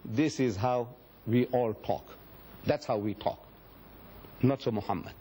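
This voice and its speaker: Husky man lecturing. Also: mid-range voice, unhurried, dark tone. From South Africa. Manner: dramatic storytelling, acts out quoted speech. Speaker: Islamic lecturer. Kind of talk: public religious lecture.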